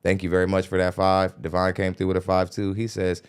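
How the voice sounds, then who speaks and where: A man's voice: low voice, monotone, a little fast, hardly any pauses, smooth. A man hosting a podcast, commenting bluntly and lecturing his listeners in a casual way. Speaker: podcast host reacting to a clip. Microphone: studio microphone.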